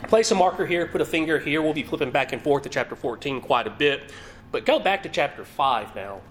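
A man's voice: a little high, lively intonation, a little fast, a little hiss or hum. A man preaching a sermon, reading scripture aloud and putting rhetorical questions to his listeners.

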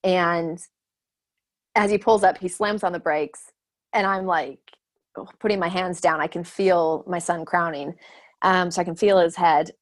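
A woman in her thirties with a slightly low voice tells a personal story as a guest. She talks casually, laughs often and jumps into livelier voices when quoting people. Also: measured pace, pauses often. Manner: animated, acts out quoted voices, laughs often. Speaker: guest sharing her birth stories.

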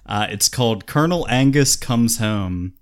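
A man with a middle-pitched voice talks casually as a podcast co-host. He is relaxed and pauses often on "uh." He chuckles as he goes. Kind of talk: casual chat.

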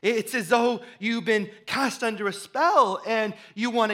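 A man preaching a sermon with a high, bright, forceful voice. He talks like he is chatting with his listeners, repeating and restarting words, then climbs into loud, worked-up stretches. His delivery swings between easy explanation and fired-up intensity. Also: unhurried, few pauses. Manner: animated preaching that rises to loud, fired-up bursts. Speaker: pastor.

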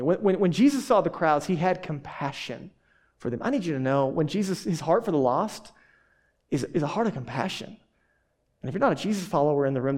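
A male pastor with a high, light voice delivers a sermon in a church hall. He preaches in a lively, conversational way, leaning on emphatic repetition.

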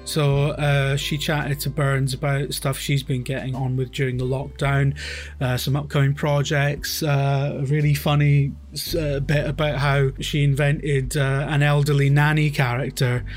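A man's voice: medium pitch, little pitch movement, measured pace, faint music behind. Chatty Edinburgh Scottish man. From Scotland. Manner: rambling, lots of fillers and swearing. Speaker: podcast co-host. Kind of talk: casual chat.

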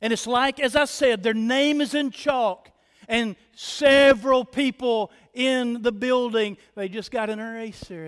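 A man's voice: very high voice, fairly even intonation, unhurried, clean tone. A male pastor preaching a sermon from the pulpit, emphatic, repeating key phrases and speaking straight to the congregation. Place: church sanctuary. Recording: long church reverb.

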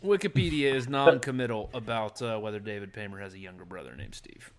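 A man's voice: on the low side, lively intonation, fast. A man co-hosting a movie watch-along podcast, playful and full of trivia, often chuckling. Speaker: podcast co-host. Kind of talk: casual watch-along commentary.

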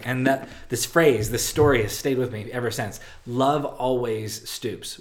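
A man preaching a sermon in a halting, searching way, full of fillers and restarts, with his voice dropping softly at the ends of phrases. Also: mid-range voice. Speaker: pastor. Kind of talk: sermon with a read passage.

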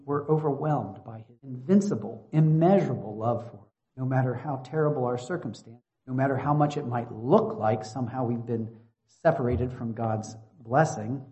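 A man's voice: mid-range voice, a little mellow. Man preaching a sermon, dull recording. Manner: teaching, rising to emphatic fervor.

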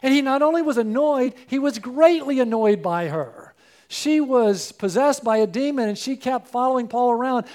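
A middle-aged man, a pastor, preaching a sermon that swings from hushed to loud. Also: extremely high pitch.

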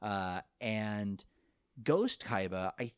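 A man casually recapping an anime episode, rambling and animated, often laughing and quoting the characters. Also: fairly low pitch, very slow, clean tone, no room sound, studio quality. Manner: rambling, animated retelling with laughs and quoted lines. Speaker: podcast co-host recapping an anime. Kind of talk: casual chat.

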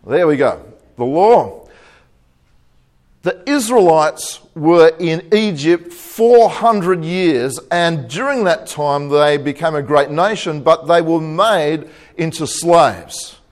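A man's voice: fairly high pitch, lively intonation, slow. A man preaching a sermon, telling a joke and laughing at his own punchlines. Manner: jokey storyteller, chuckles at own jokes.

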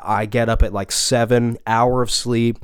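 A man, a voice actor and podcast co-host, telling an animated, rambling story with some swearing in casual chat. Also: medium pitch, unhurried, smooth, dry recording, studio quality.

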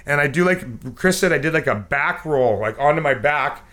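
A man chatting on a podcast with a bright, forceful tone. He tells stories animatedly, acting out sounds and quoting people with lots of energy. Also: fairly high pitch, normal speed. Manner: animated storyteller, acts out sounds and quotes. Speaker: podcast co-host. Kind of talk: casual storytelling chat.

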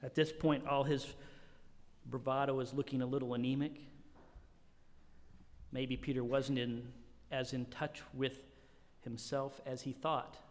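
A male pastor preaching a sermon, animated and emphatic, often restarting and repeating words. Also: medium pitch, measured pace, pauses often. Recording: long hall reverb.

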